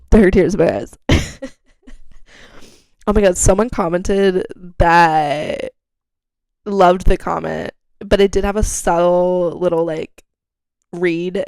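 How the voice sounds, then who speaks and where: A woman's voice: on the low side, clear, resonant tone, no room sound. Chatty young woman, dry close mic. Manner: rambling, animated storytelling with laughs and swearing. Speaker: podcast host. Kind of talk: casual solo chat.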